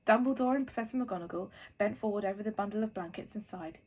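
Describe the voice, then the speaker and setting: A woman reading a children's novel aloud in a soft, hushed narrating voice. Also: medium pitch, fast. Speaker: reader.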